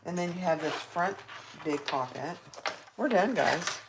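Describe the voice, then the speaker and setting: Woman host for a live sewing demo, deep voice, slow chatty delivery, talks viewers through each step. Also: animated, background noise. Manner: chatty, reacts aloud while working, reads viewer comments.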